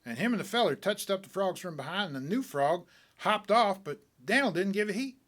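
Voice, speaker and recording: Animated folksy male storyteller. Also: high voice, fairly quick. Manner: folksy, animated tall-tale telling. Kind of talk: dramatic reading of a short story.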